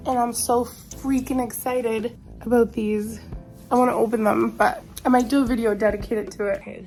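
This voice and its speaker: A woman's voice: fairly high pitch, darkish tone. Casting: chatty young woman vlogger, bubbly yet tired voice, faint music under. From Canada. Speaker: beauty vlogger. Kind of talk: casual travel vlog.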